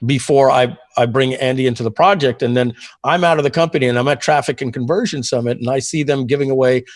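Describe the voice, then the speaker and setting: A man in his fifties, a guest telling long stories in a casual interview, rambling with many fillers and frequent throat-clearing. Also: medium pitch, fast talker, dry recording. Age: 50s. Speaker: guest, software entrepreneur.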